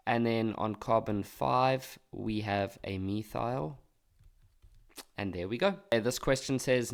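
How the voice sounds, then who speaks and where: A man's voice: medium pitch, vocal fry. A male teacher working step by step through an exam paper, explaining patiently. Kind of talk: exam walkthrough lesson.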